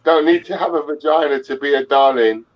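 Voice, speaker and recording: A man's voice: on the high side, fairly quick, highs cut off, noisy background. A sleepy man with an English accent, calling into a stream, drowsy and laid-back, calling people darling. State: sleepy, just woke up. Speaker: caller on the stream.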